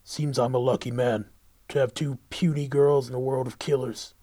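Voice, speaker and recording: A man voicing a brutal, muscular male fighter who taunts loudly in a storybook reading. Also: mid-range voice, level tone, moderate pace, close to an everyday voice. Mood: taunting. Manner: taunting, loud.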